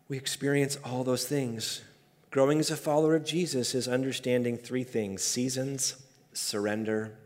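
A man preaching a sermon as pastor, emphatic and building to loud peaks. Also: mid-range voice. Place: church sanctuary. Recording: hall reverb.

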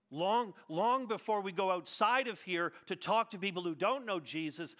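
A man preaching a sermon as a pastor, emphatic and earnest, moving between raised declarations and quieter passages. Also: high voice, sing-song, a little fast, few pauses. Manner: emphatic preaching, swinging from loud to hushed.

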